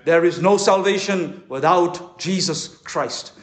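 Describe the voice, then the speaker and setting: A man preaching a conference sermon as a pastor, impassioned, with dramatic pauses. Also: high-pitched, animated. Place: conference hall. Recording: echoey hall.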